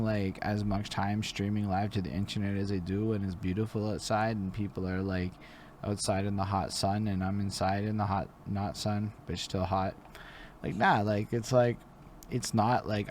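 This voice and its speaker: A man with a lowish voice hosts a casual interview, rambling and swearing freely as he chats. A faint hiss of noise sits under the recording. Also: darkish tone. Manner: loose, profane, rambling talk. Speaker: interview host. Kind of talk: casual chat.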